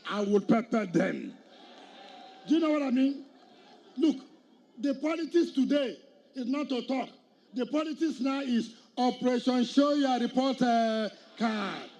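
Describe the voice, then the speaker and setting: A middle-aged Nigerian man, a state governor, speaks a little slowly in a very high, darkish voice, with the high frequencies cut off. His combative political speech to an outdoor crowd is full of rhetorical questions and challenges.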